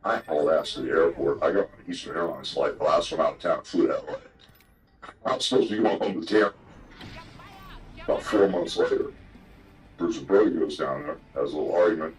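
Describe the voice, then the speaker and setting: Very deep-voiced older man telling yarns. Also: a little fast, pauses often, poor audio. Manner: profane, rambling yarn-spinner. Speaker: guest telling old stories. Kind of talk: casual storytelling.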